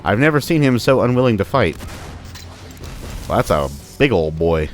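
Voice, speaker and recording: Chatty low-voiced man playing a game. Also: sing-song, normal speed, soft background music. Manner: joking, chatty, talks to enemies. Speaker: gameplay commentator. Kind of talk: casual let's-play commentary.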